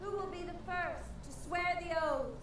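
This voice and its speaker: Imperious Southern high lady. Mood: commanding. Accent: American Southern. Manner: slow, commanding pronouncements. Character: haughty noble high lady, imperious and cold. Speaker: actress in a fantasy series. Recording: echoey, distant, noisy TV audio.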